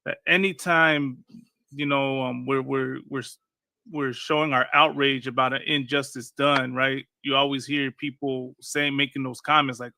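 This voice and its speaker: A man joins a livestream to put a question to the host, circling through fillers and false starts before he gets there. His voice is bright and forceful with little variation in pitch. The video-call audio is dry, with no room sound. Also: fairly even intonation, measured pace, vocal fry, no echo. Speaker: livestream participant. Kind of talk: casual question on a group stream.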